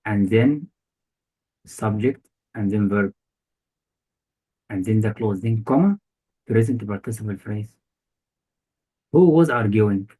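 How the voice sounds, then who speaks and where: A man's voice: lowish voice, slow, pauses often, dark tone, breathy edge, rough recording. A male tutor giving a one-on-one grammar lesson, quizzing his student with short repeated questions. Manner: quizzing, repetitive questions, non-native phrasing. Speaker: English test tutor.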